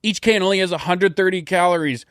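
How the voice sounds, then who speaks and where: A man's voice: high-pitched, fast talker, a bit bright, clean tone, no room sound, clean studio sound. A man co-hosting a comedy podcast, chatting playfully, laughing often and joking through ad reads. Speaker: podcast co-host. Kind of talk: comedic casual chat and ad reads.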